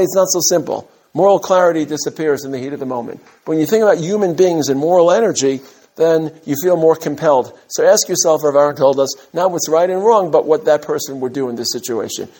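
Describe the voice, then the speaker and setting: A man, from Brooklyn, giving an animated mussar talk to his students as a rabbi, with emphatic rises and humorous asides. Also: a little high. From Brooklyn, USA. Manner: direct address to his students.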